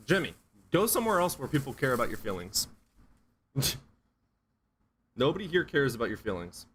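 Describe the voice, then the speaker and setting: Dude on a stream answering chat, swears a lot, sarcastic, middle-pitched voice. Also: male voice, big pitch swings, moderate pace, pauses often, fairly bright tone, slight background noise. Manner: blunt, profane, sarcastic. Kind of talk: casual livestream chat.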